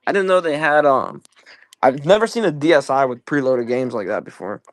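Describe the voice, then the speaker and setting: A young man hosting a casual live-selling stream, profane and excitable as he pitches items while playing a game. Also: a little fast, no echo. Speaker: livestream seller.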